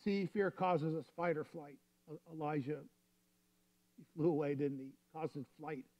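A man preaches in a relaxed, storytelling manner, his voice on the higher side for a man. The sound is dull and lo-fi, like a modest church recording. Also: unhurried. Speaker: pastor. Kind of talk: sermon.

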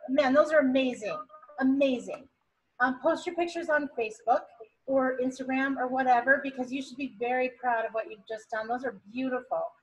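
High-voiced, chatty woman teaching painting. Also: rough recording. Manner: chatty, encouraging, bubbly when praising. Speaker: painting instructor. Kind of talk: online art class teaching. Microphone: video call.

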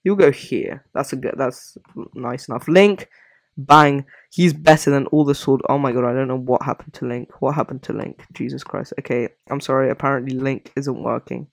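A man's voice: medium pitch, steady tone, moderate pace, vocal fry, no room sound. A man giving casual, rambling commentary on a gaming ranking, often apologizing as he goes. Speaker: gaming video creator.

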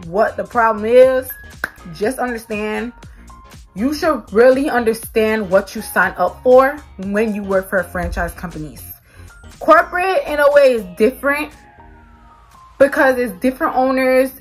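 A woman vlogger tells a storytime to her viewers with a bright, slightly high voice. She is animated and swears freely. Faint music plays behind her. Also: husky. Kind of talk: storytime vlog.

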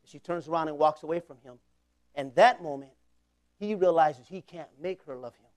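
Man, 40s, pastor, high voice, fervent sermon with call-and-response. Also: moderate pace. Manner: impassioned preaching with call-and-response.

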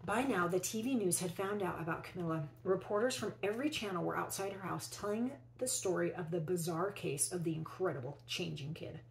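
A woman teacher reading a children's picture book aloud, expressively, and pausing to ask her young listeners questions. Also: fairly low pitch, vocal fry, rough recording. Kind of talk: children's read-aloud storytelling.

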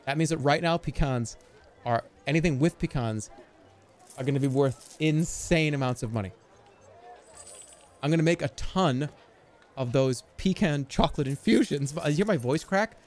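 A man streaming a game live, giving excitable, profane, self-mocking commentary as he plays. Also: a little high, normal speed, pauses often.

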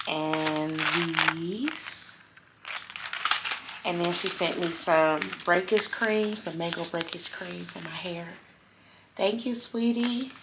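A woman vlogging in a casual, emotional way, often repeating her own phrases. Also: on the low side. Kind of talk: casual vlog talk. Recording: noticeable background noise.

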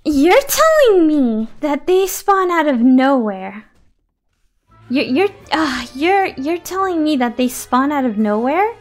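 A woman's voice: sits high, sing-song, takes it slowly, faint music behind. A young woman streaming a game, exasperated and swearing as she comments live, switching between English and Spanish.

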